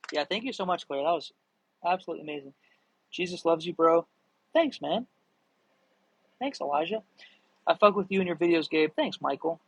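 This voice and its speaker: Excitable young man rambling on a livestream. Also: high voice, no room sound, low-quality recording. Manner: rambling, excitable, swears freely. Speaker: livestream host answering viewer questions. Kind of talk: casual live chat.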